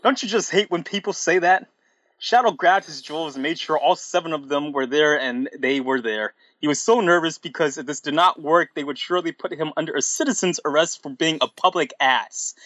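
A man giving a comedic dramatic reading in a deadpan, exaggerated way, on a close mic. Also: fairly high pitch, no echo, highs cut off. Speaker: reader.

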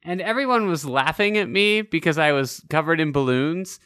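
A man's voice: on the high side, animated, moderate pace, fairly bright tone, clean tone, no echo, studio quality. A man from Utah hosting a casual podcast chat, telling rambling self-deprecating stories and swearing casually. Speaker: podcast host.

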